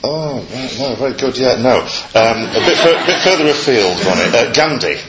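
A man's voice: mid-range voice, lively intonation, moderate pace, crowd noise. A man preaching to a congregation, hesitant with many fillers and light jokes. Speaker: guest preacher. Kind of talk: sermon opening with a quiz. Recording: echoey, muffled, congregation audible.

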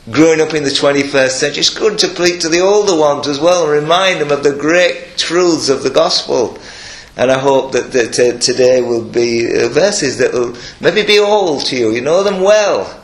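An older man preaching a sermon, earnest and emphatic, breaking into soft chuckles and restarting his sentences. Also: a little high, moderate pace. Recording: echoey room.

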